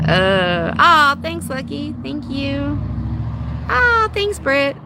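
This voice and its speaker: A woman's voice: sits high, big pitch swings, very slow, very noisy. A woman hosting a casual live stream, chatting sarcastically, laughing often and greeting viewers by name. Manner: sarcastic, says dude and y'all. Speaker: livestream host.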